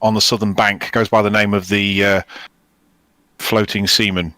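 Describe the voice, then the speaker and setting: A man with a fairly low voice speaks in character during a tabletop roleplaying game, choosing formal, courtly words. The sound is dry and close, with little room echo. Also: flat delivery, normal speed, pushed and bright. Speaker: player.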